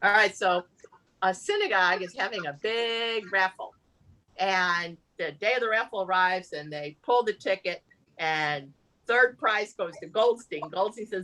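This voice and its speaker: A woman telling jokes to a live audience at a community evening, animated, laughing at her own punchlines and shifting her voice for each character. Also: mid-range voice, normal speed, low-quality recording. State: tired. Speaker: amateur comedian at a community event.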